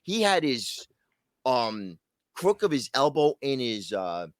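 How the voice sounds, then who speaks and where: Casual, animated man on a podcast. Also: medium pitch, slow pace, no echo, clean studio sound. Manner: animated storyteller, acts out quotes in loud voices. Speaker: podcast co-host. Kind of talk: casual chat.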